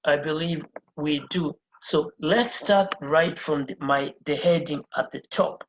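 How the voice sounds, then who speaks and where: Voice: medium pitch, measured pace, slight background noise. A Spanish teacher giving a beginner lesson at a board. They explain step by step, repeat phrases and spell words out letter by letter. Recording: roomy, dull lo-fi sound.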